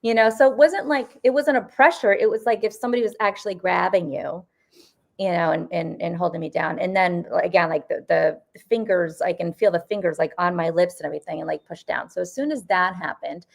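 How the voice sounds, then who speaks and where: A woman in her fifties from the US Northeast, a paranormal investigator telling stories in a casual interview, rambling with lots of fillers and quick laughs. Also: lowish voice, gravelly. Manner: rambling, full of "you know" and "like", laughs often.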